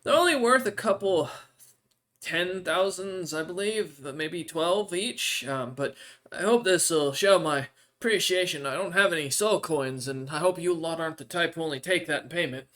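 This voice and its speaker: An ancient male desert wanderer, put on by a man running a tabletop game. He sounds friendly and chatty and draws his words out slowly. His voice sits a little higher than a typical man's. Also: pushed and bright.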